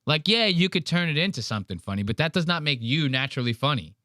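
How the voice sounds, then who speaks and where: A man's voice: on the high side, expressive, fast, sharp tone, no echo, studio quality. Profane ranting podcast host man. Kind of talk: casual podcast chat.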